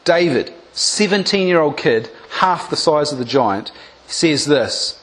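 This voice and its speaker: A man delivers a sermon in a fairly high voice. He retells scripture with dramatic flair, voicing its characters before turning to speak plainly and urgently to his listeners. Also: unhurried. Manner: animated storytelling, acting out biblical voices. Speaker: preacher.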